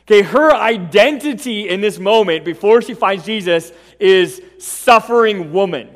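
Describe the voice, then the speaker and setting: A man preaching a sermon, telling a story in a lively way, acting out the quotes and often asking "right?". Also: sits high, unhurried. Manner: animated storytelling, acts out quotes, frequent "right?". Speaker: pastor. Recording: long reverb of a large hall.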